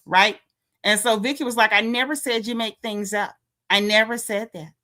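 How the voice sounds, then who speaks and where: A woman casually recapping reality TV, telling it as an animated story and acting out the quotes. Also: on the high side, normal speed. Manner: animated storytelling, acts out quotes, frequent laughs.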